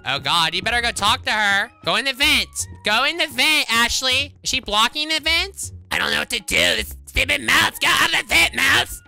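A woman hosting a gaming video with casual gameplay commentary, sassy and teasing, breaking into sudden excited shrieks. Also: high voice, normal speed, creaky, few pauses, faint music behind.

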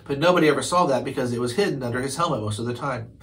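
A man's voice: medium pitch, racing, fairly bright tone, low-quality recording. A man reading a children's chapter book aloud, now and then stumbling over a word and correcting himself. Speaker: storybook reader.

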